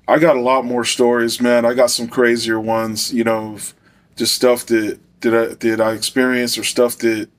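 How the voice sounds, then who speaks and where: A man who is a former correctional officer, telling a profane, swaggering story to camera with laughs along the way. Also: mid-range voice.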